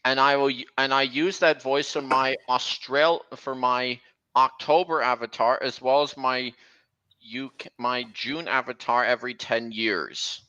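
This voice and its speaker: A young man hosts a casual livestream chat, speaking slowly and breaking off to restart his sentences. His voice has a bright, tense edge. He speaks at a middle pitch. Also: steady tone, smooth, lo-fi sound. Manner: halting, with frequent restarts. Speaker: livestream host.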